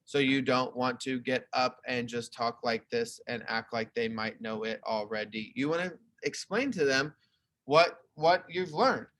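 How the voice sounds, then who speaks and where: Young male teacher, bright and slightly high voice, clear explaining tone for an online class, webcam mic. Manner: explaining, conversational, talks through slides. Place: home video call. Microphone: computer webcam mic.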